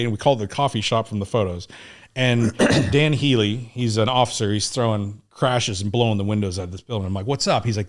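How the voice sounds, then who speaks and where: A middle-aged American man telling a war story in a podcast interview, casual and profane, acting out what people said. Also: mid-range voice. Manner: animated, profane war storytelling, acts out quotes. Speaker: guest.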